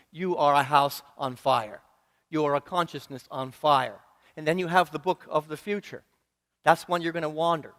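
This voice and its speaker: A man's voice: high voice, a bit bright. A male minister, preaching a sermon in a church and putting questions to the congregation, with earnest, rhythmic repetition. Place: church sanctuary. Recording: reverberant church hall.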